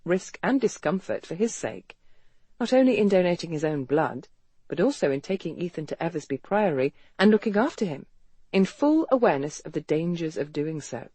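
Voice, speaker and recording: Audiobook narrator for period romance, animated pitch, dry studio sound. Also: no echo. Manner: even storytelling read with lively pitch. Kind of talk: scripted romance novel narration.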